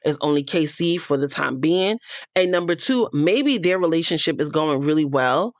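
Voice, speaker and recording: A woman's voice: sits low, expressive, moderate pace, no echo, studio quality. A woman hosting a casual reality TV recap, chatty and gossipy, with frank asides.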